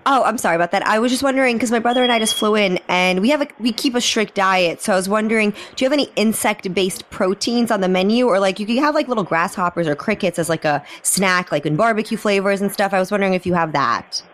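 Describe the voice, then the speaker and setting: A woman's voice: mid-range voice, quick pace, hardly any pauses. A woman on a comedy podcast making prank phone calls, rambling and giggly with lots of "like.". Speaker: podcast guest and prank caller. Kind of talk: prank phone call banter.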